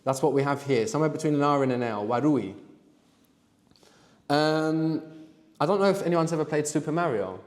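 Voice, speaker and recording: A man teaching a live language workshop, explaining slowly and prompting his students to answer. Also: on the high side, animated, long reverb tail. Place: room with students.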